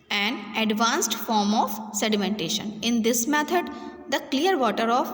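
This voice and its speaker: Woman teacher in an echoey room. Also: high-pitched. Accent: Indian English. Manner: halting, restarts and repeats words while explaining. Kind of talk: online class lecture. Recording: roomy echo with long reverb, faint ambience.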